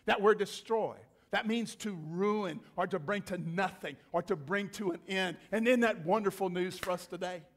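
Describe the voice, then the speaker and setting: A male pastor preaching a sermon in church, emphatic and repetitive, swinging from loud to hushed. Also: high-pitched, normal speed, few pauses.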